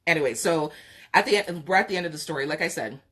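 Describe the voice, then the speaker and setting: A woman podcast host telling a candid personal story, frank and chatty, laughing often and pausing to talk to viewers. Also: deep voice, lively intonation, a bit bright, husky. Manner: frank, laughing, drawn-out pauses. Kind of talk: candid storytelling on a live stream.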